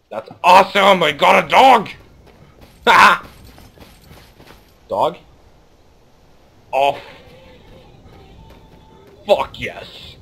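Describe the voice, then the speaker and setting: A man giving casual gameplay commentary, swearing often and swinging between loud outbursts and muttered asides. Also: fairly low pitch, slight background noise. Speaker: gaming video host.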